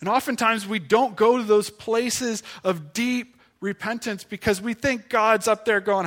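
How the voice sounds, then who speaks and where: Earnest high-voiced male preacher. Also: fairly bright tone. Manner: earnest, pleading preaching with slow emphatic phrases. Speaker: pastor. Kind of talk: sermon.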